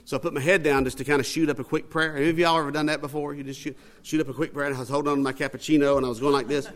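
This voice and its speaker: A man's voice: fairly high pitch, little pitch movement, rapid-fire. A man giving a storytelling sermon, folksy and conversational, acting out the dialogue. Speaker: speaker at a religious gathering.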